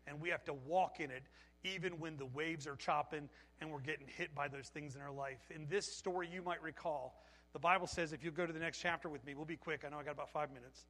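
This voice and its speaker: A man preaching in a high, bright voice, swinging between lively storytelling and loud shouted lines. His voice rings out with a long reverb, like a big church hall. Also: quick pace. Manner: animated storytelling, acts out shouted quotes. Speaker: pastor. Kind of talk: sermon.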